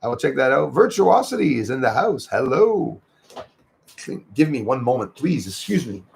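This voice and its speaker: A man's voice: mid-range voice, big pitch swings, moderate pace, gravelly. A man hosting a livestream, chatting casually and greeting viewers by name as he rambles along. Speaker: livestream host. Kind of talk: casual chat reading out viewer comments.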